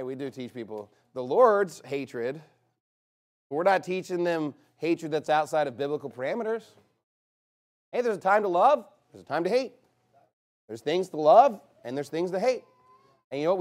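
Fiery high-voiced male preacher. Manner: fiery, scornful preaching with sudden loud bursts. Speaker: pastor. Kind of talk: sermon.

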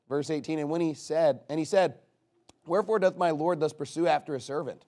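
A male pastor preaching a sermon, emphatic and rising to loud passages as he drives his points home. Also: on the high side, a little fast.

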